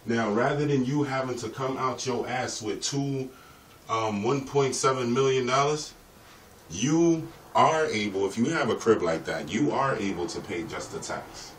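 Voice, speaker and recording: A man's voice: medium pitch, a little slow. Streetwise guy rambling and cussing on his vlog, kinda far from the mic, echoey room. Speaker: vlogger. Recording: roomy echo, distant mic, faint ambient noise.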